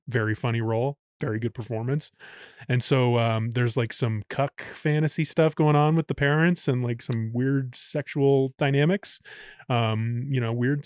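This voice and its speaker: A man's voice: medium pitch, dry recording. Chatty male podcast co-host, dry sound. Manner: chatty, leaning on "like" and "um" fillers. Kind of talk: casual chat.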